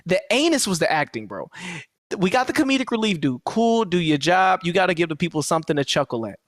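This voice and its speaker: Animated, profane podcast co-host. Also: male voice, sits high, fast, no room sound, clean studio sound. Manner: animated, profane, acts out quotes in voices. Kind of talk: casual movie review chat.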